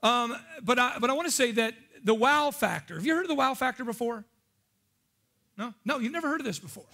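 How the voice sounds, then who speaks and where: A male pastor preaching in a relaxed, conversational way, with a very high voice for a man. He jokes and keeps asking the congregation questions. His tone is bright and forceful. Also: fairly quick. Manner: chatty, joking, asks the congregation questions. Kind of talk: casual sermon.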